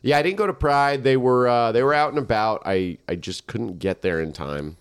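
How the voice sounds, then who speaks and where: A man co-hosting a comedy podcast, trading quick, playful riffs and laughing often in casual banter. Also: medium pitch, clean tone.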